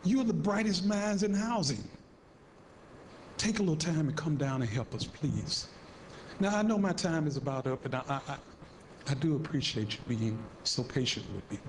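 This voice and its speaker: A man's voice: on the high side, lively intonation, moderate pace, slight background noise. A man giving an emotional, earnest speech at a luncheon, pleading with the audience for help. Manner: earnest, pleading, repeating "please". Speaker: community advocate speaker.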